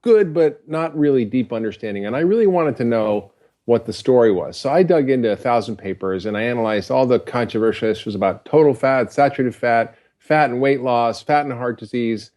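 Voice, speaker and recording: A man's voice: mid-range voice, moderate pace, dark tone. A man who is a physician, a guest on a podcast, earnestly explaining science and telling anecdotes. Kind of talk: casual interview chat.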